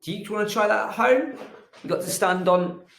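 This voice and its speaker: Guy teaching kids phonics, animated gentle storyteller, kinda high voice, echoey room. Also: moderate pace, gravelly. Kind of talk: children's phonics lesson.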